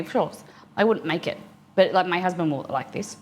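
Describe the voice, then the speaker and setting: A woman's voice: lowish voice, fairly quick. A young woman chatting casually with viewers on a live stream while eating, reading chat aloud and answering.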